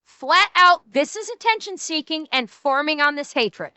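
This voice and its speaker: A woman's voice: sits high, lively intonation, normal speed, bright, forceful tone, dry recording. A woman streamer giving blunt, heated, profane commentary while reacting to clips.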